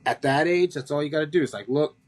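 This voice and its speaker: A man who coaches high school soccer, chatting casually and retelling stories with quoted dialogue. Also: fast. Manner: chatty storyteller, quotes others. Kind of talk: casual chat.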